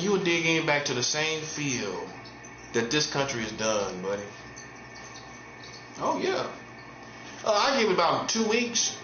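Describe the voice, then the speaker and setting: A man's voice: sharp tone, slight background noise. Taunting preacher man, roomy lo-fi sound. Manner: taunting, repetitive, swings from mocking highs to low earnest tones. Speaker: street preacher. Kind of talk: provocative monologue. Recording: roomy dull lo-fi recording with faint ambience.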